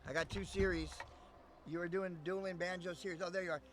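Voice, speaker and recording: Profane, rambling male streamer, fairly high. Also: fairly even intonation, fairly quick, noisy background. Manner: profane, rambling, laughs often. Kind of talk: casual live-stream chat.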